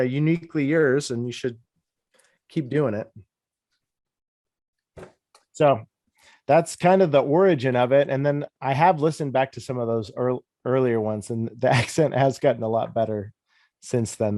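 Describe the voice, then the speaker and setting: A man in his thirties, a disc golf commentator, telling stories in a relaxed, rambling, self-deprecating way during a casual interview. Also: medium pitch, no room sound, studio quality. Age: 30s.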